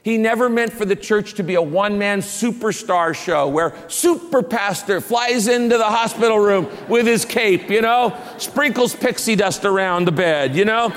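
A man's voice: sits high, normal speed, few pauses, fairly bright tone, big-room sound. A man preaching a sermon as a pastor, telling stories with humor and building to emphatic preaching.

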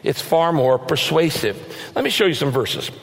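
A man's voice: on the high side, very animated, gravelly. Preaching man in a reverberant hall. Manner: earnest, varies pace, slows to stress scripture. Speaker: pastor. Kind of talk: sermon. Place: large church auditorium.

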